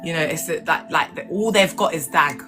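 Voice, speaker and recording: A woman's voice: low-pitched, moderate pace, music in the background. Chatty woman on a live stream. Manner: chatty, frank, many tag questions and terms of endearment. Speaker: livestream host. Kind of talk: rambling live-stream chat. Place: at home.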